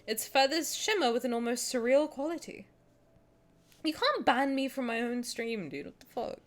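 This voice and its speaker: Lively young woman streamer. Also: high voice, moderate pace. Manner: animated, joking, swears, breaks into giggles. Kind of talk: casual livestream chat, reading game text aloud. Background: faint game music.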